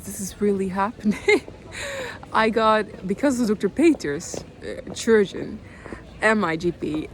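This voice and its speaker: A young woman in her twenties with a Dutch accent, speaking in a halting personal video diary, calm and low-key, often close to tears, with many pauses and restarts. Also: a little hiss or hum. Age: 20s. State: near tears.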